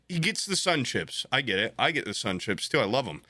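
This young podcast co-host has a medium pitch and talks a bit fast with few pauses. His stories are profane and animated, complete with voiced impressions of the people involved, captured in a dry recording.

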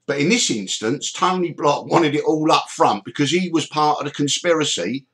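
A middle-aged man hosting a podcast, telling stories in an animated way, swearing freely and acting out the people he quotes. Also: fairly high pitch, moderate pace. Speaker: podcast host. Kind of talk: storytelling chat.

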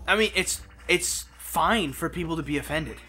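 Teasing, animated young guy gaming. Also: fairly high pitch, faint music behind. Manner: teasing, swearing, quick to joke. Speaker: gaming channel co-host. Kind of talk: casual let's-play banter.

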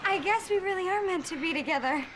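A giddy high-voiced girlfriend. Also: lively intonation, quick pace. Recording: noisy recording.

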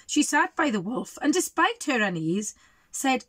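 A woman teacher reads a picture book aloud in a slightly high voice. She stops now and then to ask the children questions, in a dry, close-sounding room. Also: big pitch swings, unhurried, dry recording.

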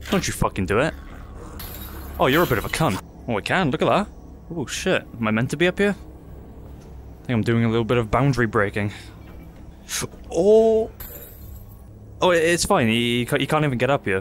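His voice medium-pitched and a bit bright, with a little hiss or hum in the audio, a gaming YouTuber narrates his own let's-play live. He's nervous and jittery, swearing, yelping in panic and muttering to himself.

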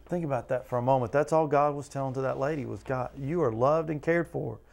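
A pastor leads a Bible study in a plain, mid-pitched voice with a gravelly edge and a darkish tone, speaking a little fast. He's earnest and conversational, asking listeners question after question and acting out the people in the scripture.

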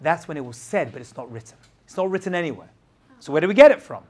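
A man's voice: on the high side, expressive, fast, a little mellow. A man teaching a Torah class as a rabbi, asking rhetorical questions and checking that his students follow.

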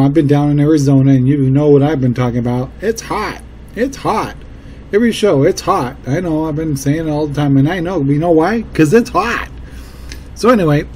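A man's voice: medium pitch, mellow, husky. A middle-aged man from Washington State hosting a casual solo podcast from a motel room, rambling and repeating words for emphasis on a cheap microphone. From Washington State, USA. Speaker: podcast host. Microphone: cheap mic that picks up room noise. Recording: faint room noise on a cheap mic.

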